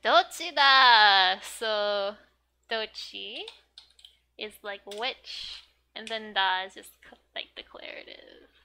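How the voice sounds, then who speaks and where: A woman's voice: slow pace, creaky. A woman teaching Japanese from a manga in a casual, chatty way, giggling often and filling her talk with "like" and "um". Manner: reads manga lines in high excited character voices. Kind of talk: casual manga reading lesson.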